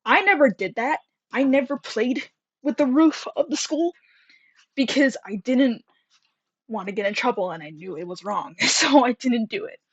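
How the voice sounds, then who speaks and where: A woman's voice: on the high side, expressive, normal speed, breathy edge, dry recording, dull audio. A young woman telling a story from her school days in a casual, rambling way, full of fillers, a little out of breath. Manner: chatty, rambling, many fillers and laughs.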